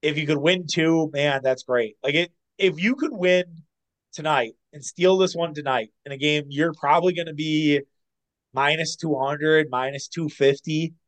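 A man co-hosting a casual sports podcast, opinionated and animated, with quick asides and some swearing. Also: fairly high pitch, rough recording. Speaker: podcast co-host.

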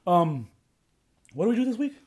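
A man's voice: sits high, very animated, normal speed, a little mellow. A man hosting a podcast in casual chat, joking around with crude humor. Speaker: podcast host.

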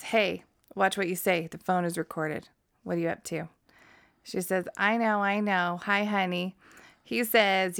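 Smooth-voiced woman chatting casually. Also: medium pitch, fairly bright tone. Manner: laughs often, swears casually. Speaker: podcast co-host. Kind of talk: casual chat, reading transcripts aloud.

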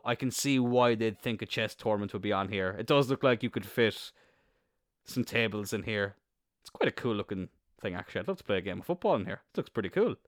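A young man with an Irish accent telling a rambling story in a casual monologue, swearing freely and bursting into excited laughter. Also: fairly low pitch, no room sound, clean studio sound. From Ireland. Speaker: podcast host.

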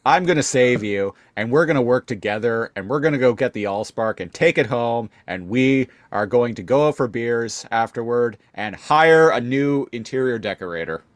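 A heroic male robot leader talks in a brash, rambling way, as a man puts him on in casual chat. The voice is gruff and mid-pitched, recorded dry and close. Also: animated, moderate pace, few pauses, no echo, close to an everyday voice.

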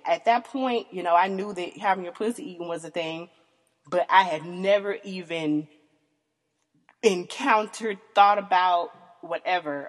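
Frank, laughing Southern woman in her 30s. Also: in a large hall. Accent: Southern American. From American South. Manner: frank, profane, laughs often, voice leaps high in mock disbelief. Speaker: podcast host. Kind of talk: candid casual storytelling.

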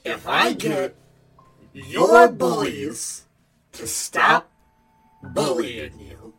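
A man's voice: mid-range voice, wildly swooping pitch, very slow, vocal fry, music in the background, exaggerated voice. A man voicing a crude, mocking male demon in a tabletop role-play, taunting and swaggering.

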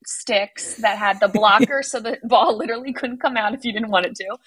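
Woman in her thirties, interview guest, friendly, steady, lots of ums, dry sound. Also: fairly high pitch, a little fast, breathy edge, no room sound, rough recording. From Eastern Shore of Maryland, US. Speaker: guest, business owner. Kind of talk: casual interview answers.

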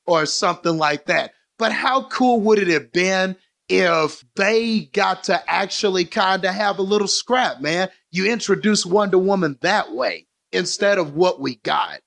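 Animated rambling man with a high voice. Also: measured pace, vocal fry. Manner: animated, rambling, swears casually. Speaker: podcast co-host. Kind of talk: casual movie discussion.

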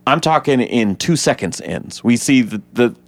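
A man co-hosting a casual podcast, retelling a film scene by scene with lively acted-out quotes and frequent swearing. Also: moderate pace, dry recording. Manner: animated retelling, acts out quotes in high voices; swears freely. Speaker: podcast co-host. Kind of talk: casual movie breakdown chat.

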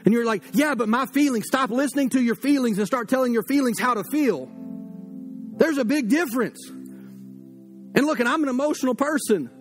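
A man's voice: very high voice, animated, normal speed, long pauses, faint music behind. A man preaching a sermon as pastor, fiery and direct, talking to the congregation as if across a table.

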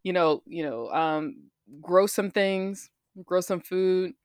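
A woman's voice: lowish voice, slow, clean tone, no room sound, clean studio sound. A woman chatting casually in a teasing, matter-of-fact way. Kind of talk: casual chat.

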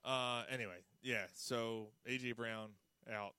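A man's voice: medium pitch, steady tone, measured pace, pushed and bright, clean tone, no room sound. A man rambles through casual sports talk, exasperated and profane. His voice sits in the middle of the range. The sound is dry and close. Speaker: podcast host.

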